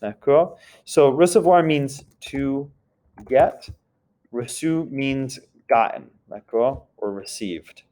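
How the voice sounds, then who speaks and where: A man's voice: mid-range voice, takes it slowly, warm tone. Man teaching a French lesson. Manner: explains step by step with a repeated check-in question. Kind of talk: recorded classroom grammar lesson.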